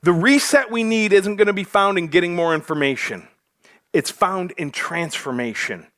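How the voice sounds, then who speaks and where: A man's voice: high voice, lively intonation, moderate pace, a bit bright. A male pastor preaching a sermon to his church, joking with the congregation as he goes. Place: church sanctuary.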